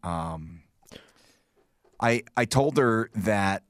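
A man casually telling stories on a podcast, animated and stumbling over restarts, acting out quotes. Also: fairly low pitch, very slow, no room sound, studio quality. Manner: animated storyteller, many restarts, acts out quotes. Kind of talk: casual chat, storytelling.

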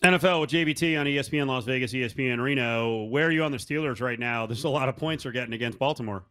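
A man's voice: medium pitch, a bit bright, no echo, studio quality. Jokey male sports radio host. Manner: jokey, wraps segments quickly.

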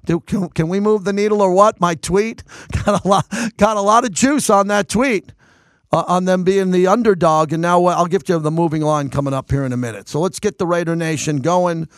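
A man in his fifties hosting a sports radio show, delivering an emphatic, excitable monologue into a close studio mic. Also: high voice, fairly quick, smooth, dry recording.

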